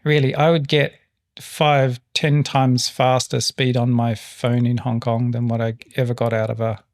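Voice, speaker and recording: A man's voice: medium pitch, flat delivery, a little slow. A man co-hosting a podcast in casual chat, laid-back and easygoing. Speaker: podcast co-host.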